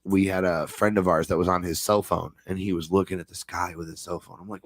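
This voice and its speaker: A man's voice: deep voice, steady tone, brisk, hardly any pauses. A man hosting a podcast in casual chat, laid-back, swearing freely and calling everyone bro and man. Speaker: podcast host.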